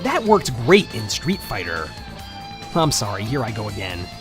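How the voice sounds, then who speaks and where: A woman's voice: very deep voice, huge pitch swings, moderate pace, over music. A woman reviewing a cartoon with sarcastic, ranting commentary and mock outrage.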